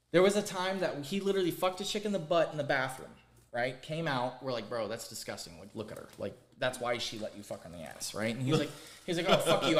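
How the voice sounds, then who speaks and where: A man hosting a podcast, telling crude stories in a casual, animated, emphatic way. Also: mid-range voice, echoey room. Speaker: podcast host. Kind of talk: casual storytelling chat.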